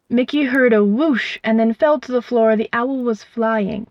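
A woman's voice: a little high, steady tone, a little slow, few pauses, no room sound. Woman reading a storybook aloud. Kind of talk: scripted storybook narration. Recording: dull, dry recording.

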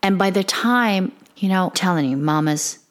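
A woman's voice: on the low side, moderate pace. A middle-aged woman giving an earnest, emotional, candid monologue to other mothers about her parenting. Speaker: parenting podcaster. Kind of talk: confessional monologue.

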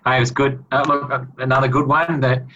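A man's voice: medium pitch, level tone, fast, pushed and bright, lo-fi sound. A man with an Australian accent co-hosting a podcast, easygoing and chatty. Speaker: podcast co-host. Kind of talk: casual podcast chat.

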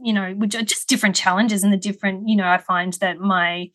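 A woman's voice: mid-range voice, steady tone, fast talker, a bit bright. A woman hosting a casual podcast chat, speaking reflectively and rambling with frequent restarts.

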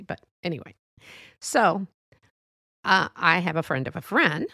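A woman's voice: lowish voice, creaky, a bit bright, no room sound, studio quality. A woman telling a personal story in a chatty, rambling way, with lots of asides. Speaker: podcast storyteller. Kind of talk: casual storytelling monologue.

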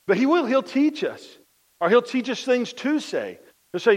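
A man preaching a conversational sermon, telling lively everyday stories, repeating his phrases and dropping his voice soft for the key points. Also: high-pitched, normal speed, long reverb tail. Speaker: pastor.

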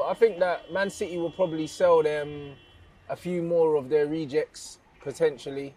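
A man's voice: fairly high pitch, fairly even intonation, moderate pace, warm tone. A young man giving dry, sarcastic put-downs as a mock fan pundit.

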